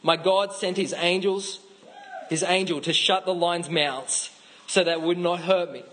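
A man with an Australian accent voicing a calm, humble male prophet in a Bible reading. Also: high-pitched, measured pace.

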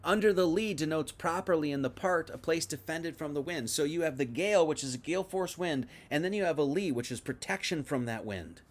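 Animated man preaching a casual sermon. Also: fairly high pitch, fairly quick, few pauses. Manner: reads scripture then paraphrases it in casual speech; animated, swinging between loud and hushed. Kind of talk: informal livestream sermon.

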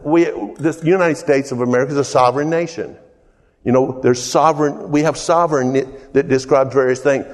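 A man preaches to his congregation in a loose, conversational way, drifting between points and stopping to check that they follow. His voice sits at an ordinary middle pitch. The room is a church hall with a long reverb trailing after each phrase. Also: darkish tone. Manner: conversational, rambling, asks the congregation questions. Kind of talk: informal sermon.

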